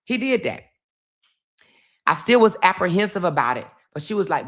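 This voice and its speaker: A woman's voice: lowish voice, very animated, moderate pace, fairly bright tone. A middle-aged woman, telling a family story to her viewers in a casual, emphatic way, repeating phrases. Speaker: vlog host.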